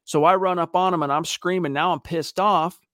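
Male podcast host, slightly high voice, lively storyteller, dry close sound. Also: normal speed, no echo. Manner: animated storyteller, acts out quotes. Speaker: podcast host reading viewer questions. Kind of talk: casual sports podcast talk.

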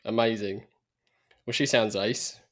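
A man's voice: fairly low pitch, fairly even intonation, a little slow, fairly bright tone. A man hosting a podcast, upbeat and friendly, thanking his guest and reading the show's outro. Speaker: podcast host. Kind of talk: podcast interview.

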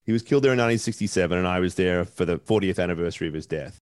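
A man's voice: low-pitched, very fast, a little mellow, no room sound, studio quality. A man with an Australian accent, hosting a panel discussion and telling stories in a thoughtful, discursive way.

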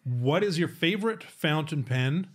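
A man's voice: a little high, expressive, unhurried, husky. A man co-hosting a live studio show, asking playful questions. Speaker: co-host.

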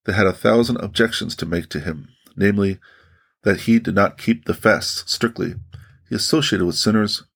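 A man reading a religious audiobook aloud in measured, even scripted narration. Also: fairly low pitch, creaky.

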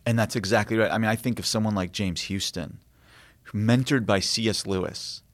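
A man's voice: lowish voice, brisk. A man, a guest author, telling stories earnestly and reflectively in conversation, with frequent fillers and restarts. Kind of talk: conversational storytelling.

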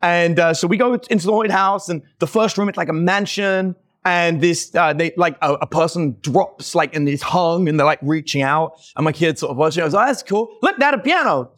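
A man talking as a podcast guest, telling lively stories and acting out the people he quotes, with lots of "like" fillers. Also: a little high, brisk, hardly any pauses. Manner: animated, acts out quoted voices, many "like" fillers. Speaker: podcast guest, dating company owner. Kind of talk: casual conversational storytelling.

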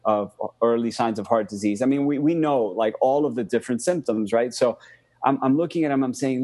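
A man telling a friend's health story in casual storytelling, animated, with many fillers and repeated words. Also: fairly low pitch, brisk, breathy edge.

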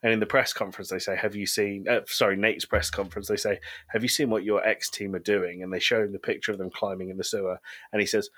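Brief: low-voiced British podcast co-host, dry and self-deprecating. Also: male voice, flat delivery, quick pace, fairly bright tone. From Britain. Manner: dry, pessimistic humor, frequent laughs. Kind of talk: casual chat.

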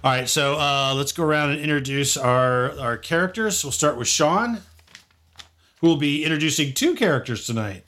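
A man hosting a tabletop game session as game master, relaxed and quick to laugh. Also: fairly high pitch. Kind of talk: casual chat while hosting a tabletop game.

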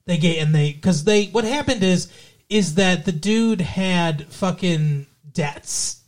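A man with a slightly high-pitched voice talks through a film on a podcast in an easy, unscripted way. He swears freely and strings the plot together with loose restarts. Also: slow pace. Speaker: podcast co-host. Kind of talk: casual movie-review chat.

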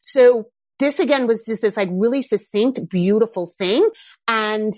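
A middle-aged woman, a mother, telling a candid personal story in a reflective, casual way. She grows animated when she quotes herself. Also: on the high side, unhurried, no room sound.

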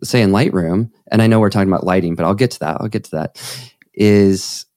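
Enthusiastic man with a low voice. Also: a little fast, no echo, studio quality. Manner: enthusiastic, rambling, animated storytelling. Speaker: podcast guest, photographer. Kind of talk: conversational interview.

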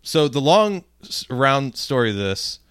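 A man's voice: medium pitch, measured pace, clear, resonant tone, no echo, clean studio sound. A man co-hosting a podcast, telling stories in a casual, profane way and acting out the people in them. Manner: profane, animated storyteller acting out quotes. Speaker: podcast co-host. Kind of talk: casual storytelling chat.

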